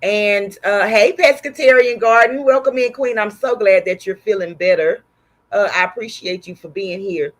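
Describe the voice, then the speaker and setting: A woman's voice: mid-range voice, moderate pace. Texan woman hosting a craft livestream, sore throat, chatty and friendly with viewers. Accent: Texas. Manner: chatty, greets viewers warmly by name. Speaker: embroidery livestream host. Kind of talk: casual livestream chat with viewers.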